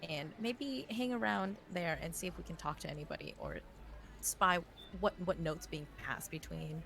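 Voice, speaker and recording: A woman speaking as a player in a tabletop game, hesitant and halting. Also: fairly low pitch, expressive, gravelly, fairly bright tone. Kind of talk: casual tabletop game chat.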